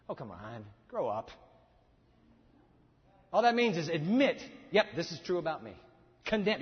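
A man preaching with a lively, swooping delivery that leaps from loud exhortation to near-whispered intensity. His slightly high voice rings with a long hall reverb on a dull, lo-fi recording. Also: brisk, long pauses. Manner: dramatic swings between loud exhortation and hushed intensity. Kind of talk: sermon. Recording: echoey hall, dull lo-fi sound.

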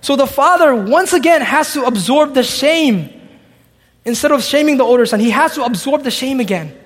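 A man's voice: extremely high pitch, animated, moderate pace, husky, long reverb tail. A man preaching a sermon, reading scripture aloud and acting out its dialogue. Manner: expository, reads scripture and acts out the dialogue.

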